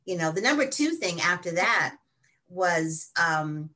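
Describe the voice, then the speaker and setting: A woman's voice: on the low side, sing-song, unhurried, bright, forceful tone. A woman hosting an interview, talking in a reflective, casual way and asking her guest long questions. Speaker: podcast host.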